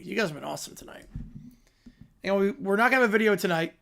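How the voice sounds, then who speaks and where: High-voiced man chatting on a livestream. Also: expressive, fast talker, gravelly, pauses often, a bit bright. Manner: rambling, repeats himself with restarts. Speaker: livestream host. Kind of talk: casual live reaction chat.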